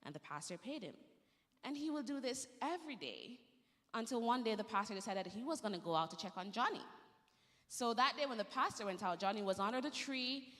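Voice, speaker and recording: A woman telling a story to children during a church service, gentle and lively, in a church sanctuary. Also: on the high side, a little fast, long reverb tail.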